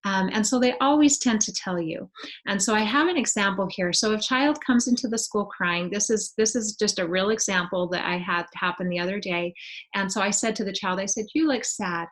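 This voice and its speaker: A woman gives a relaxed, explanatory webinar presentation over a computer microphone. She talks conversationally and often pauses on fillers as she works through each idea. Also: mid-range voice. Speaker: webinar presenter on student well-being.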